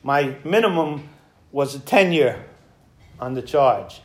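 A man's voice: mid-range voice, expressive, slow pace. A middle-aged man telling his recovery story at a meeting, acting out the other people in it. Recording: echoey room with faint noise.

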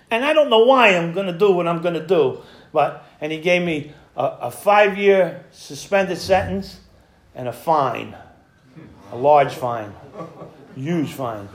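A middle-aged man telling his recovery story at a meeting, acting out the other people in it. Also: on the high side. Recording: echoey room with faint noise.

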